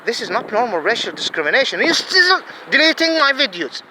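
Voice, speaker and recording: A man's voice: very high voice, very animated, brisk, bright, forceful tone, slight background noise, rough recording. Heated ranting man. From Saudi Arabia. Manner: heated, profane, repetitive, with emphatic questions. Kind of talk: angry ranting monologue.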